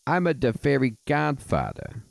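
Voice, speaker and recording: A man voicing a scheming, mafia-style male fairy godfather in a game, with an exaggerated mock Italian accent and halting broken English. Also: medium pitch, huge pitch swings, creaky, no room sound, voice pushed up, exaggerated voice. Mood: theatrical.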